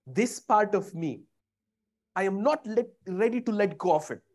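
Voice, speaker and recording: Emphatic preacher calling out to congregation. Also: medium pitch. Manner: emphatic, swings between quiet and loud exhortation; addresses the congregation directly with questions. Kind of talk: sermon.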